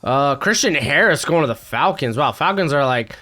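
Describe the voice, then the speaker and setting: A man hosting a casual solo sports reaction from home, excitable and rambling with many fillers. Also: a little high, moderate pace. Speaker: sports commentary host. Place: home, with a dog nearby.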